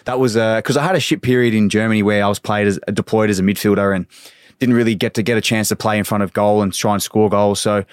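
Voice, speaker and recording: Fast-talking man, swearing freely. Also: lowish voice, fairly even intonation, clean tone, no room sound, clean studio sound. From Australia. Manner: swears freely, tells anecdotes with quoted voices. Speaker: guest, former footballer. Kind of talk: casual podcast chat.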